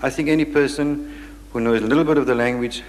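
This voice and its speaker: A man's voice: medium pitch, steady tone, fast. A man chairing a question session, firm and insistent, cutting speakers off. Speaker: lecture chairman. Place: lecture hall. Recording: echoey hall.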